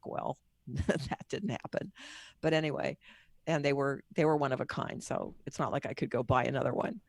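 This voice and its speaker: A middle-aged woman guest speaks candidly and at length, her voice gravelly with plenty of fry. The sound is close and dry, with no room echo at all. Her storytelling is personal and wanders from point to point. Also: low voice, brisk. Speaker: guest author and book marketing coach. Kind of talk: candid podcast interview storytelling.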